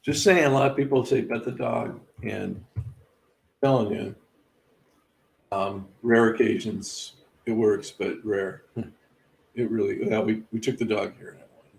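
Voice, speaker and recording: Gravelly low-voiced man reviewing betting picks. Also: fairly even intonation, measured pace, pauses often, rough recording. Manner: chatty, laughs at his own misses, wry asides. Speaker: sports betting show host. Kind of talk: casual live sports picks commentary.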